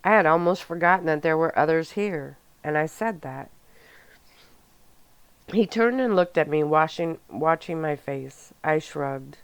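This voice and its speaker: Soft-spoken asmr reading, woman, low voice, slow and smooth. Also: dry recording. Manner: calm, even first-person storytelling. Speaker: audiobook narrator.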